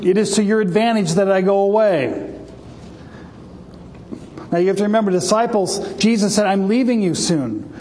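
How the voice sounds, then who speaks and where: A man's voice: high voice, darkish tone. A man preaching a sermon with passion, raising his voice when he quotes scripture and sometimes restarting a phrase. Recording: long reverb, faint background noise.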